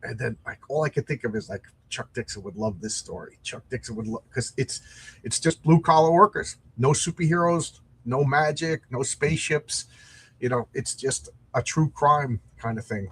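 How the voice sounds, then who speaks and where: A man's voice: mid-range voice, animated, normal speed, a bit bright, husky. A middle-aged man hosting a comic book show, chatting casually and rambling in a self-deprecating way. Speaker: comic podcast host.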